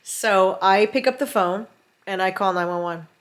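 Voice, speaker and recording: A middle-aged woman vlogger telling a story from home in a casual, animated way, acting out what people said. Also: mid-range voice, normal speed. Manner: animated, acts out quotes. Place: home in rural mountains.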